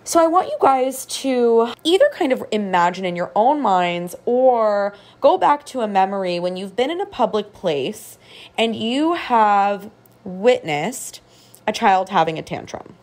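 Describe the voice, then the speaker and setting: A woman art therapist giving a calm, reflective motivational podcast talk, guiding listeners through a visualization. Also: mid-range voice.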